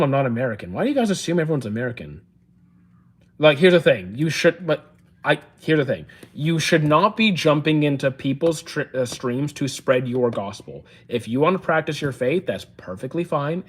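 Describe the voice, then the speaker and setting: A young man, live-streaming and casually answering chat questions, chatty and relaxed with lots of fillers and restarts. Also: mid-range voice. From Canada.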